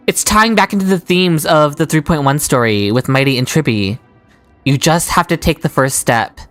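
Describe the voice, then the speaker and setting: A woman's voice: low voice, normal speed, soft background music. A woman streaming a story game, reacting emotionally and swearing as she comments. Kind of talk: casual gameplay commentary.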